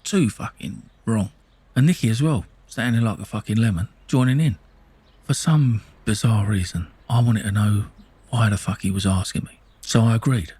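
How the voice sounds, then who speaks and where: A man's voice: fairly low pitch, moderate pace, dark tone, slightly rough, dry recording. A middle-aged man with an Essex accent, telling his own story in blunt, sweary casual speech full of restarts. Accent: Essex English. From England. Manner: blunt, sweary, with many restarts and "you know what I mean". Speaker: storyteller recounting his life.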